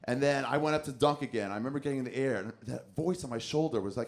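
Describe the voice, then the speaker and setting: This comedian's voice sits at a medium pitch with some vocal fry, and he races along with barely a pause. Telling a lengthy, profane story at a comedy club, he stays lively and performs the quoted lines in character.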